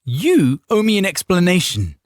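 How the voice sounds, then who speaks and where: A man reading an audiobook, voicing a fiery farmer's wife who scolds in a high, indignant voice. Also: wildly swooping pitch, moderate pace, no echo, clean studio sound. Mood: furious. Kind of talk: audiobook character voice.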